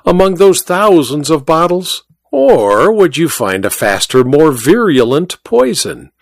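A sly, chuckling little druggist, put on by a man reading a mystery story, his voice lifted higher than the narration and swinging through lively turns. He taunts with smug, unhurried politeness in a close, dry sound. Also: gravelly, no echo, heavily acted. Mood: taunting. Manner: chuckling, mocking, teasing.

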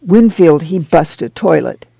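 A sly young country girl who tattles eagerly, read by a man. The voice stays gravelly and dark, and the sound is dry and close. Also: on the high side, expressive, dry recording, full character voice. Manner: quick, eager country talk.

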